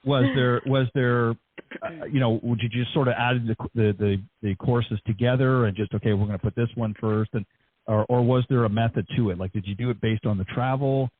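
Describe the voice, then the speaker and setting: A man's voice: medium pitch, steady tone, brisk. A male host asking long, rambling interview questions full of fillers. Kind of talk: casual interview. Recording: tinny phone line.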